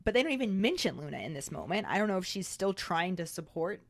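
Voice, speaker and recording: A woman's voice: fairly low pitch, big pitch swings, fast, creaky, no room sound. A woman co-hosting a podcast, chatting casually and acting out quoted lines. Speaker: podcast co-host. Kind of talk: casual chat.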